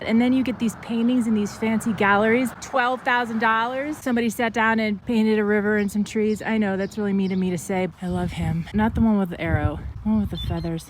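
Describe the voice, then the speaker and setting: A woman talking to her camera outdoors during a long bike ride, sounding worn out and chatty, grumbling one moment and excited the next. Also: on the high side. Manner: chatty, swings between tired grumbling and excited squeals. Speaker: vlogger. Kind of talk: casual travel vlog narration. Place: outdoors on a roadside. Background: passing traffic and outdoor ambience.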